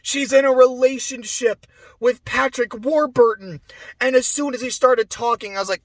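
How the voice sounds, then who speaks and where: A man with a notably high voice talks through a movie review off the cuff, rambling and excitable, swearing freely and laughing between thoughts. The recording is dry and close, with no room sound. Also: moderate pace, dry recording.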